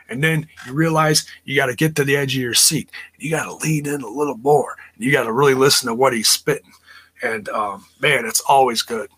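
A man's voice: medium pitch, a bit bright, breathy edge. A man hosting a podcast, recapping wrestling in a rambling, blunt way and swearing freely. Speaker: podcast host.

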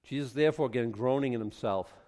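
A pastor preaching a sermon, reading scripture quietly and then building to loud, emphatic exhortation. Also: male voice, mid-range voice, fast. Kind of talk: expository sermon. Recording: long hall reverb.

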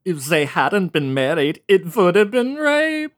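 A man playing a grim male killer who muses on his own death, with a put-on German accent and a slow, relishing delivery. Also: high voice, sing-song, dry recording, clean studio sound. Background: guitar music.

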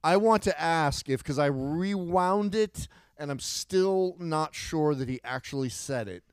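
A middle-aged man talks in a smooth, resonant voice, rambling through stories with restarts and bursts of excitement. The sound is dry and close, with no room around it. He sounds like a podcast co-host chatting loosely with a friend. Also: on the high side, a little slow, no room sound. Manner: animated, rambling storyteller with frequent restarts. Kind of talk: casual chat.

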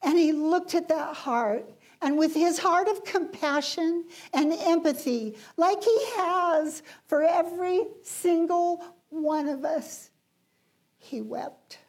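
A woman preaching a sermon, emphatic, rising in intensity and then dropping to hushed lines. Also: extremely high pitch, slow pace.

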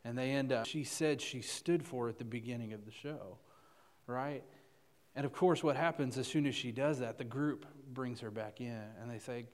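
A man's voice: medium pitch, normal speed, a little mellow, long reverb tail. A man preaching as a youth pastor, telling a story in a loose, chatty way full of "uh"s and "right?"s. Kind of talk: conversational sermon storytelling.

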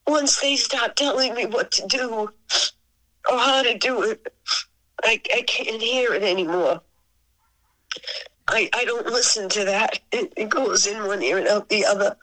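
A woman in her sixties with a Boston accent, a singer telling stories as an interview guest, sentimental and quick to laugh. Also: a little high, fairly bright tone, poor audio. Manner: laughs often, sentimental, sarcastic wit. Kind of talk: emotional storytelling.

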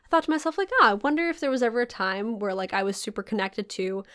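A woman hosting a podcast in casual chat, telling stories with swearing and big jumps in pitch when excited. Her throat is a little sore. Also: fast, smooth. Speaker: podcast host.

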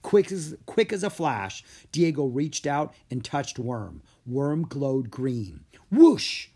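Guy reading a kids storybook, animated, husky. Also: mid-range voice, slow. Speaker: narrator. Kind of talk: audiobook narration of a children's story.

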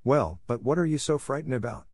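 A man voicing a kind, gentle elderly grandmother who talks to a child with mild, patient earnestness. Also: mid-range voice, lively intonation, brisk, no echo, studio quality, voice pushed up, lightly acted. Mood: kindly. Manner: gentle, kindly lecturing. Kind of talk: audiobook character voice.

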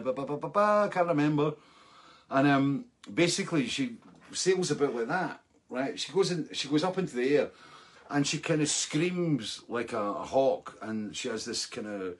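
Husky-voiced man telling a rambling tale. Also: mid-range voice. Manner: rambling, self-mocking, laughs through the story, fillers like right. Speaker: storyteller. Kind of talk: casual anecdote to camera.

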